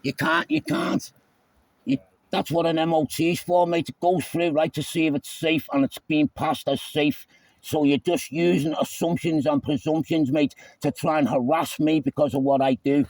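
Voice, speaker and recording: A man filming himself in an argument with police, repeating "mate" and often shouting. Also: on the high side, fairly even intonation, moderate pace, dry recording, rough recording. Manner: argumentative, repeats "mate" constantly, stumbles over words. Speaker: self-filming activist. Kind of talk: heated roadside argument. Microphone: handheld phone camera.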